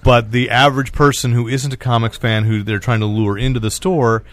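A man's voice: medium pitch, steady tone, brisk, fairly bright tone, dry recording. A man hosting a casual comics podcast, rambling with restarts and laughing often. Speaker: podcast host. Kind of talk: casual chat.

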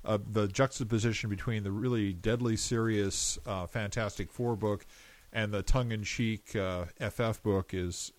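A man co-hosting a podcast, reviewing comics in a relaxed, halting way. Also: fairly low pitch. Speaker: podcast co-host. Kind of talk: casual chat.

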